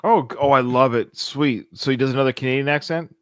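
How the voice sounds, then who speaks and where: A man co-hosting a podcast, talking in an animated, casual way and working through his points with restarts. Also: medium pitch, fast, no room sound, studio quality. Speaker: podcast co-host. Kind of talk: casual chat.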